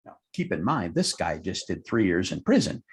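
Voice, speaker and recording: A man's voice: sits low, sing-song, moderate pace. A man, a hypnotherapist guest, telling a client story in an interview and acting out both sides of the dialogue. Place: lived in Tucson, Arizona.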